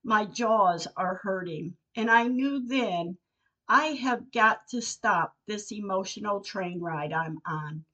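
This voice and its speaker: A woman's voice: mid-range voice, takes it slowly, fairly bright tone. An older woman, a podcast host, reading her personal diary entries aloud in an earnest, heartfelt way. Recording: dull lo-fi recording.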